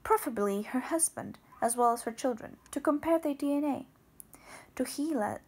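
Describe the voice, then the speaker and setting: Casual: woman narrating a book, expressive, high voice. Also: normal speed. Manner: expressive reading that voices the characters. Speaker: audiobook reader. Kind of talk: audiobook narration.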